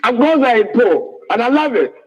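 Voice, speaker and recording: A man telling his life story in a rambling, animated way, often laughing at his own remarks. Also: very high voice, moderate pace, slightly rough, dull audio.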